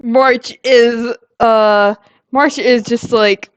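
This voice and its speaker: Slow, hesitant woman role-play player. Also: fairly high pitch, fairly even intonation, clean tone. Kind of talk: playing a tabletop role-play game.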